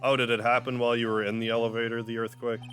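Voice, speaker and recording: A man voicing an excitable young woman assistant in a game playthrough, asking anxious questions. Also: medium pitch, rapid-fire, faint music behind, natural voice. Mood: curious.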